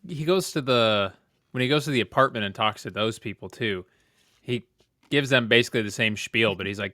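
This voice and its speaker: A man's voice: mid-range voice, fairly quick, bright, forceful tone, dry recording. A man co-hosting a bad-movie review, making dry, laid-back jokes in casual commentary.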